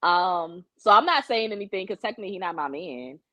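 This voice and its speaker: Her fairly low, sharp-toned voice is expressive and fairly quick as she co-hosts a podcast. A young adult, she's frank about her dating stories and swears freely in casual conversation. No echo, but the sound is dull and lo-fi.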